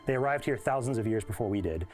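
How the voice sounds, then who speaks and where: A man's voice: on the low side, animated, quick pace, a little mellow, soft background music. A man, a game developer, explaining his game's story and structure in a prepared promotional interview. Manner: clear, explanatory, well-prepared.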